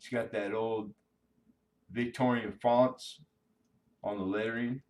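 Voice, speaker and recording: Laid-back low-voiced man, slightly distant. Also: steady tone, takes it slowly, darkish tone. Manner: laid-back and slangy, chatting to viewers. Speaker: coin-collecting live-stream host. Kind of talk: casual live-stream chat.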